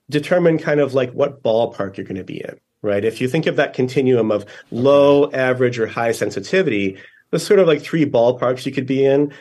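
A man's voice: mid-range voice, darkish tone. A man, a guest author in a podcast interview, explaining ideas patiently with frequent fillers and checking questions. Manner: thoughtful, explanatory, many fillers and "right?".

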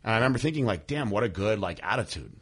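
A young man hosting a podcast, telling a personal story candidly, with many fillers and halting restarts. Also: lowish voice, sing-song, slightly rough. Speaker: podcast host.

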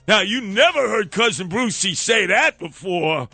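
Bombastic New radio host. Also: male voice, expressive, a little slow, hardly any pauses, bright, forceful tone, slightly rough, soft background music. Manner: bombastic, theatrical, acts out quoted voices with big pitch jumps. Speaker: radio talk show host. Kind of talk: animated radio storytelling.

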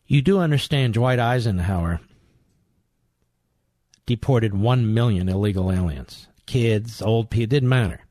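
A man hosting a talk radio show, playing clips and commenting on them in an indignant, combative manner with loud rhetorical questions. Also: fairly low pitch, a little slow, no room sound, clean studio sound.

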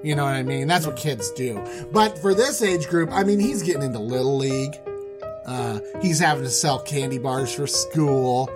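A man co-hosting a podcast, retelling Bible stories in a jokey, animated way. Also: normal speed, over music. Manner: animated, jokey, swooping pitch. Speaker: podcast co-host.

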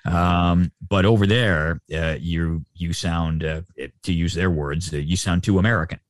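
Deep-voiced Canadian sportscaster, rambling. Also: male voice, steady tone, measured pace, no echo, clean studio sound. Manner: rambling, many fillers and restarts. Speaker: sportscaster guest. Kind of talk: casual interview chat.

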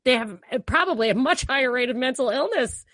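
A chatty woman co-host with a fairly high voice, who talks in quick restarts and breaks into laughter between points. Her voice is recorded close and dry, with no room sound. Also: expressive, a bit bright, dry recording. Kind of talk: casual political chat.

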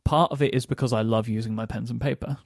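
A man's voice: mid-range voice, steady tone, fast talker, gravelly, no room sound, clean studio sound. A man co-hosting a podcast who explains his views earnestly and laughs easily while discussing a book. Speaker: podcast co-host.

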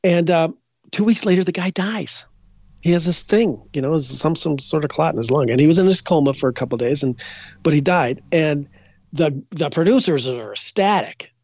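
In an interview, a psychic recounts stories in a mid-range voice at normal speed, rambling casually with many restarts and self-corrections while performing the lines of others. The dull, dry, lo-fi recording has no echo.

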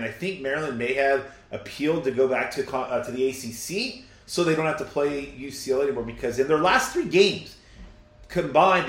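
A man co-hosting a casual sports podcast, riffing in a jokey, excitable way. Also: medium pitch, echoey room.

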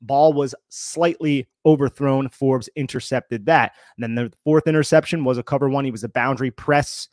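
A man of middle pitch on a sports podcast, methodically breaking down plays with technical football terms. His voice is recorded close and dry, with no room sound. He talks in a casual yet analytical way. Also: moderate pace, hardly any pauses, darkish tone, dry recording. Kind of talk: casual podcast chat and detailed film breakdown.

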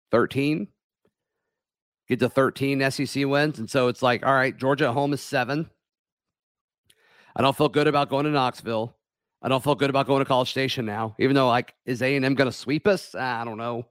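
A man hosting a casual sports talk stream, hoarse from yelling, rambling with many fillers and restarts. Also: mid-range voice, no room sound, clean studio sound.

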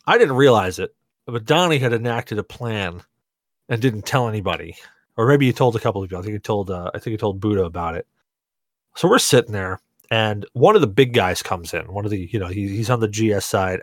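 A man hosting a podcast, tipsy from rum, telling a story in an animated, laughing way and swearing a lot. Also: medium pitch, a little fast, dry recording, studio quality. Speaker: podcast host. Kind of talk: casual storytelling chat.

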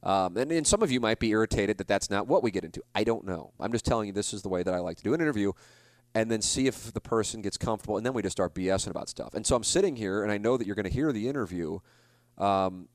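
A man's voice: on the low side, expressive, fast, no echo. A man in his forties, a podcast host, telling a rambling, self-deprecating story in a casual monologue. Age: 40s.

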